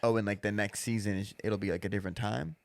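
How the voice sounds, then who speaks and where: A young man co-hosting a comedy podcast, joking casually and slipping into slow dramatic quotes. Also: lowish voice, steady tone, vocal fry, no room sound, studio quality.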